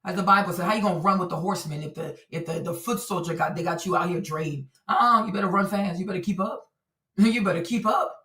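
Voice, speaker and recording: Animated woman streamer in echoey room. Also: on the low side, fast talker, distant mic. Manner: animated, repetitive, talks to her audience. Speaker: streamer commentator. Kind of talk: livestream commentary. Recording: roomy echo, voice a bit off-mic.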